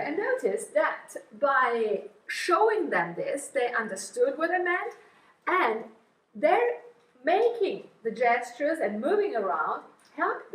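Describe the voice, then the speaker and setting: A middle-aged woman from Italy with an Italian accent, giving a lively seminar lecture full of anecdotes and fillers. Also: high-pitched. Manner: lively storytelling with many fillers. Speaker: guest lecturer. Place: lecture hall. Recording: echoey hall from far off.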